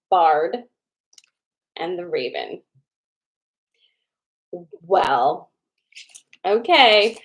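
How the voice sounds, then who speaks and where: A young woman talks casually to viewers on a live stream, greeting people by name. She slows down to repeat each choice before she pulls cards. Her voice sits at an ordinary middle pitch. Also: poor audio. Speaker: livestream host doing card readings. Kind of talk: casual livestream chat.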